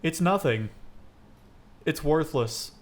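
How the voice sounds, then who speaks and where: A young man hosting a casual comedy podcast, telling dark, absurd stories and laughing often. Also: on the high side, lively intonation, slow pace, a crowd in the background. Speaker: podcast host.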